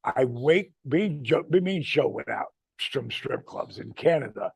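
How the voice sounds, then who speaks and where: In a dry recording, a man in his sixties, a retired wrestler, recounts a road story in relaxed conversation. His mid-range voice is gravelly and slightly rough, expressive and unhurried, and he curses freely while acting out whoever he quotes.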